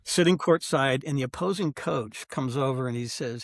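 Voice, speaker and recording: An older man speaks at a medium pitch, briskly and with hardly any pauses, in a dry, studio-quality recording. He's a sports executive appearing as a podcast guest, casually telling anecdotes in a storytelling interview. He's animated and acts out the back-and-forth of old conversations.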